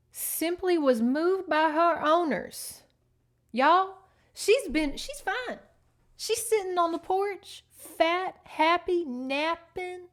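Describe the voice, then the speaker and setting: Woman podcast host, higher voice, animated and profane book recap, chatty.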